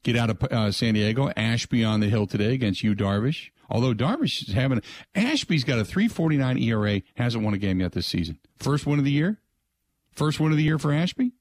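A man's voice: medium pitch, expressive, brisk, a little mellow, dry recording. An older man hosting a sports talk radio show, talking in a loose, rambling, conversational way and repeating the call-in number. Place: radio studio. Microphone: close studio mic.

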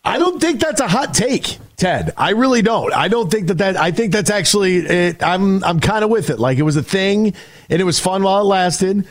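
A man hosting a call-in sports radio show, talking in an energetic, rambling way with frequent restarts. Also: high-pitched, moderate pace, no echo.

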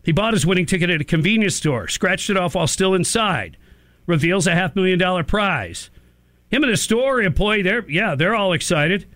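Lively, wisecracking male radio host. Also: sits high, normal speed, no echo. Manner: jokey, wisecracking, animated storyteller. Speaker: radio talk show host. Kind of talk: casual morning radio banter.

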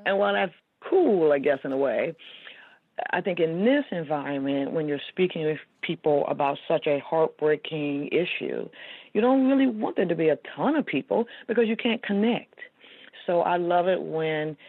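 A woman's voice: deep voice, no echo. An earnest woman speaks as a guest author, her talk loose and full of fillers. She comes through a narrow, tinny phone line with a dry sound. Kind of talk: casual interview talk.

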